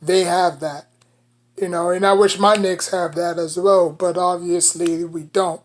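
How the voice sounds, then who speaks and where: A woman's voice: on the low side, fairly even intonation, measured pace, a little hiss or hum. A woman with a New York accent giving casual basketball commentary as a sports vlogger, rambling and leaning on "you know" between thoughts.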